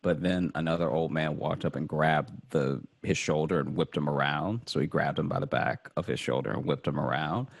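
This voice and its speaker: A man in his thirties telling a funny story in casual podcast chat, getting louder and higher as he acts out the scenes. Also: moderate pace, vocal fry, hardly any pauses. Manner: animated storyteller, rising and louder when acting out scenes.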